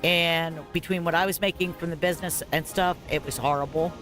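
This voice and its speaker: A woman's voice: on the low side, steady tone, fairly quick, a bit bright, faint music behind. Rambling, candid middle-aged mother telling a story. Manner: rambling, candid, frequent fillers and 'blah, blah, blah'. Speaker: parent telling her story. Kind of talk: casual spoken story over gameplay.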